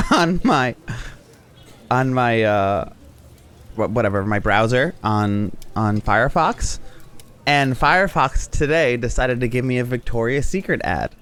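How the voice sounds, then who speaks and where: A man's voice: mid-range voice, fairly bright tone. A man chatting casually while streaming a game, rambling and laughing often. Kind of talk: casual gameplay commentary.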